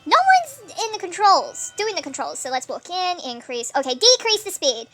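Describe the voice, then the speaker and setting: A woman giving chatty gameplay commentary, thinking aloud with fillers, her voice sped up and pitch-shifted nightcore-style. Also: sing-song, normal speed, fairly bright tone, soft background music. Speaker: gameplay streamer.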